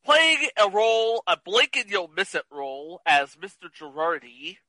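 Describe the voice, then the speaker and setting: Man, high lively voice, wry teasing movie chat, dry close sound. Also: normal speed, no echo, poor audio. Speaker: podcast co-host.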